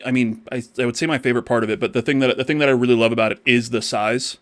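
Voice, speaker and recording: Male podcast host, middle-pitched, loose and chatty, swears a lot and restarts sentences often. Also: fairly even intonation, racing, a bit bright. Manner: swears casually, trails off and restarts. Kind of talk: casual chat.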